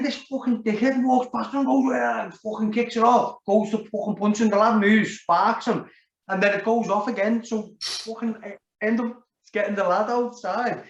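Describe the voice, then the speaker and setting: A man with a Liverpool accent, telling a story in casual chat, rambling and swearing heavily. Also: high voice. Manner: rambling, heavy swearing, lots of "like". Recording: roomy, dull lo-fi sound.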